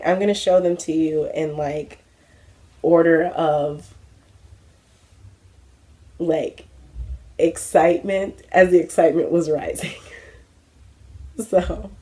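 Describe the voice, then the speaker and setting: A woman's voice: deep voice, takes it slowly, long pauses, dark tone. A young adult woman hosting a craft vlog, chatting casually with many fillers and self-mocking asides. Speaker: craft vlogger. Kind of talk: casual chat.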